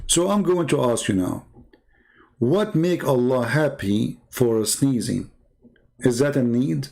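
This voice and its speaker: Brief: male debater, gravelly, mid-pitched, mocking and argumentative, non-native English phrasing. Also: expressive, slow, mellow. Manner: mocking rhetorical questions. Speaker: Christian debater.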